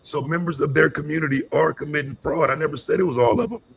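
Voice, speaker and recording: A man's voice: fairly high pitch, fast, creaky, a crowd in the background. A man arguing defensively in a live debate stream, insisting on his point. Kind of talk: heated argument.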